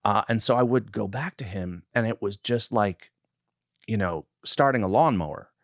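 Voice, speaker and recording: Lively sixties man telling set stories. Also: on the low side, moderate pace, no room sound, studio quality. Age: 60s. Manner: animated storyteller who acts out quoted lines. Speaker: film director, guest. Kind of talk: interview storytelling.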